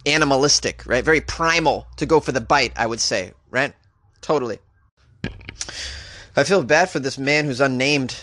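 Wry comedian hosting a news podcast. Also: male voice, fairly bright tone, no room sound, studio quality. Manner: wry, joking asides with sudden pitch jumps.

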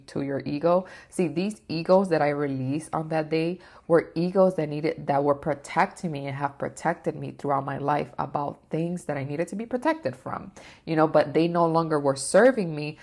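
Low-voiced woman telling a personal story. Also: darkish tone. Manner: emotional, rambling, many fillers and swears. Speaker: vlogger.

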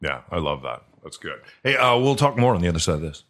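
A man co-hosting a podcast who tells a personal story in earnest, halting speech full of restarts. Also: sits low, big pitch swings. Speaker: podcast co-host. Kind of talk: storytelling in casual chat.

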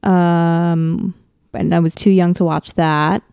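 A woman with a warm, mellow voice chats easily as a podcast co-host. Her delivery is relaxed and conversational, recorded dry and close. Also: fairly low pitch, slow, vocal fry, clear, resonant tone, no room sound. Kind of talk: casual chat.

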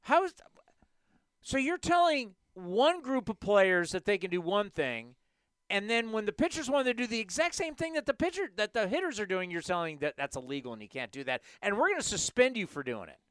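A man hosting a sports talk show, ranting in an animated, emphatic way into a studio microphone. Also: high voice, a little fast, smooth, no room sound. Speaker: sports podcast host.

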